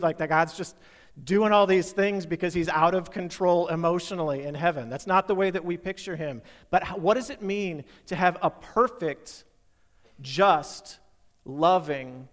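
A man's voice: high voice, a bit bright, long reverb tail. A male pastor preaching a conversational sermon, asking his listeners many questions.

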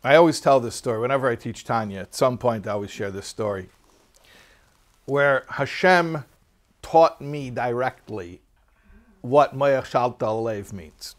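A man teaching a religious text class, telling a story in a lively, anecdotal way and putting questions to his students. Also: medium pitch, unhurried. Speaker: Torah teacher.

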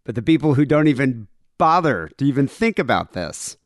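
A man's voice: medium pitch, big pitch swings, brisk, no echo, clean studio sound. Wry, crude male podcast co-host. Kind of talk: crude comedic podcast chat.

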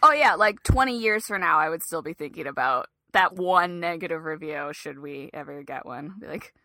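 Bright, dry-miked woman podcast co-host. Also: deep voice, expressive, moderate pace, no room sound. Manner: enthusiastic, laughs often. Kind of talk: casual chat.

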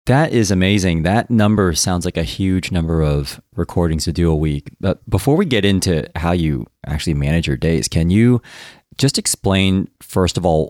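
A man's voice: low-pitched, darkish tone, dry recording, studio quality. An American man hosting an interview, asking friendly, curious questions. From United States. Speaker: interview host. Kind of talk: casual interview chat.

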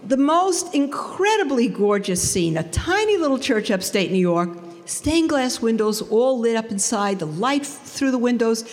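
A woman giving a faith testimony to an audience, telling her story in an animated way and acting out the dialogue. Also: a little high, long reverb tail.

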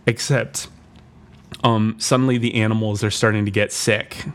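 A man co-hosting a comedy podcast, retelling a made-up plot in a rambling, deadpan way with constant restarts. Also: fairly low pitch, moderate pace. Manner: rambling, full of fillers and restarts, deadpan storytelling. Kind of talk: comedic improvised story retelling.

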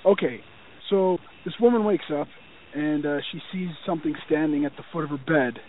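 A man with a cold leaving a voicemail, telling a long-winded joke with halting restarts. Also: on the high side, slight background noise. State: has a cold. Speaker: voicemail caller. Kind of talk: rambling joke told on voicemail. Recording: tinny phone line.

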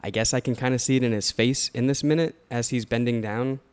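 A man's voice: medium pitch, fairly even intonation, fast talker, clean tone. A man co-hosting a casual podcast, talking hesitantly with many fillers. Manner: casual, hesitant, laughs often. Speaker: podcast co-host.

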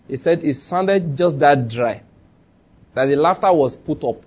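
A man with a Nigerian accent, preaching a lively sermon and acting out quotes. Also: mid-range voice, normal speed, long pauses, breathy edge, dull audio. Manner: lively, chatty preaching with acted-out quotes and laughter. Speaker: pastor.

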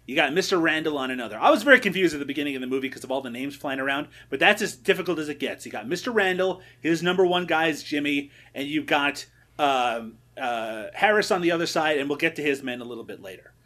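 A playful man co-hosting a movie podcast, his voice bright and sitting a bit high. He teases his partner and laughs often as he recaps the plot. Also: animated, fast. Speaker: podcast co-host. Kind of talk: casual chat about a movie.

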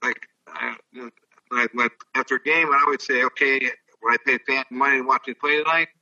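A man's voice: mid-range voice, fairly even intonation, fairly quick, sharp tone, recorded from a distance, highs cut off. An older man, a former ballplayer, telling rambling, profane stories in casual chat. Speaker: guest, former baseball player. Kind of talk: casual storytelling.

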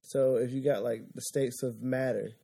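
A man's voice: medium pitch, fairly even intonation, moderate pace, gravelly, mellow, breathy edge. A man co-hosting a podcast, chatting casually and teasing his co-host in a laid-back, joking way.

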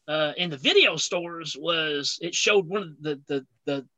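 A man co-hosting a casual chat, an animated storyteller who tells a long joke. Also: a little high, measured pace, no echo, rough recording.

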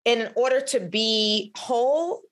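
An emphatic woman speaks candidly as a guest on a podcast. Her voice sits a little high, and she often breaks off and restarts her sentences as she talks. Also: measured pace. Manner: expressive, emphatic, with frequent restarts. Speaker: podcast guest, physician researcher.

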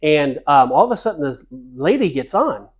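A man's voice: on the high side, normal speed, husky. Man telling a story on a podcast. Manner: animated storyteller, laughs while telling. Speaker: podcast co-host. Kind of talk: casual chat. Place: cruise ship.

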